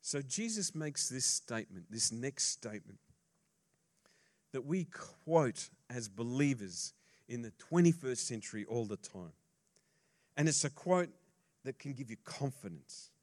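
A male pastor preaching a sermon, swinging between hushed asides and loud emphasis, and joking casually with the congregation. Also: mid-range voice, very animated, measured pace.

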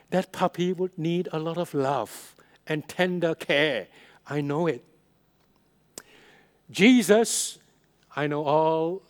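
A male pastor preaches a sermon, stressing and repeating key phrases while his loudness rises and falls for emphasis. His voice is on the high side.

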